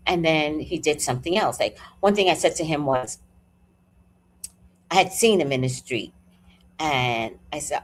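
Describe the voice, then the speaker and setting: At home, a woman with a fairly low, breathy-edged voice hosts a live talk at normal speed. She chats casually and profanely, animatedly telling a personal story and acting out what people said.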